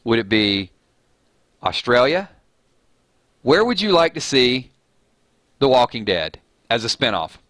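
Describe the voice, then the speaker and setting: A chatty man with a Southern US drawl hosts a relaxed live stream, reading out viewer comments and poking fun at himself. His voice is bright and forward, recorded close and dry with no room sound. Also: medium pitch, slow, pauses often, dry recording. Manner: chatty, reads viewer comments aloud, joking and self-mocking. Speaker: live chat host. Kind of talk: casual live-stream chat.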